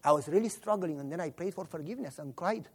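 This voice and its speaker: Animated Romanian-accented man preaching. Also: a little high, fast, slightly rough. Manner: animated storytelling, voices his characters. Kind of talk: sermon with acted-out stories.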